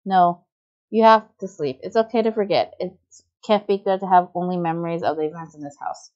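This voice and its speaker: A woman's voice: on the low side, brisk, a little mellow, dull audio, lightly acted. A woman voicing a stern, serious young man who personifies Germany, curt and commanding, in a fan voice-over of a game.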